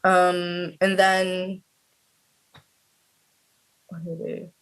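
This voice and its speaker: A woman's voice: on the low side, monotone, very slow, fairly bright tone, clear, resonant tone. A woman of about twenty, a student guest on a video call, chatting casually with lots of "like" fillers. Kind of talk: casual interview chat.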